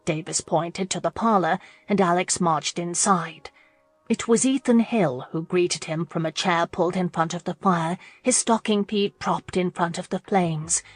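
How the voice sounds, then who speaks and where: A woman narrating a romance audiobook in a steady, measured way. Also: fairly low pitch, no echo. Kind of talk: scripted narration.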